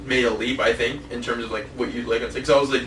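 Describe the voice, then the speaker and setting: A young man co-hosting a laid-back podcast rambles through stories packed with swearing and laughter, speaking fast in a steady, mid-range, fairly bright voice. Soft music plays underneath, and he sounds distant in an echoey room with faint noise.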